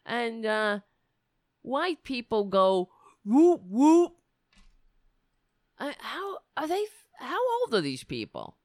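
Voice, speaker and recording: A woman with a slightly high, very animated voice hosts political commentary at a slow pace, in a dry, clean studio recording. She reads excerpts from the news, then riffs on them, mocking them with sarcastic asides.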